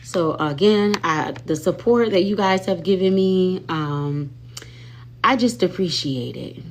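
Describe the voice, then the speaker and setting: A woman hosting a casual live stream from home on her phone, talking sassily straight to her viewers and swinging between loud and soft. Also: on the low side, expressive, takes it slowly, a little hiss or hum.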